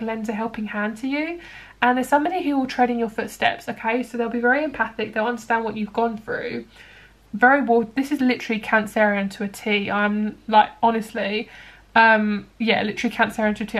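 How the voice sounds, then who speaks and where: A young woman chatting casually through a tarot reading, rambling with lots of fillers. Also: fairly high pitch. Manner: chatty, rambling, many likes and ums. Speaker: tarot card reader.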